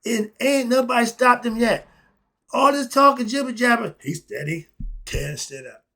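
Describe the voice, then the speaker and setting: A middle-aged man, giving a blunt, ranting opinion monologue that swings between muttering and loud outbursts. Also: extremely high pitch, lively intonation, normal speed. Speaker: commentary vlogger.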